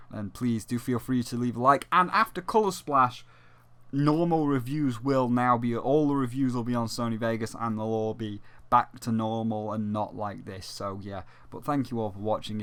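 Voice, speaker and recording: A man's voice: mid-range voice, a bit bright. A man hosting his own game review video, talking in a rambling, ranty way with lots of swearing and restarts. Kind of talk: casual ranting video review.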